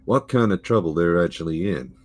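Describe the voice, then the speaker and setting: A man's voice: low voice, brisk. A man playing a ship captain in a tabletop game, talking to his crew in a mock-authoritative, rallying way. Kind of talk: in-character tabletop banter.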